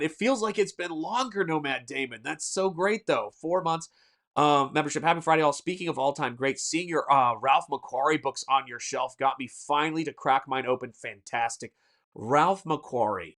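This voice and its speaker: A man's voice: mid-range voice, fairly bright tone. A man with a Southern American accent hosting a casual painting livestream, rambling and reading chat messages aloud with lots of fillers. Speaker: artist and livestream host.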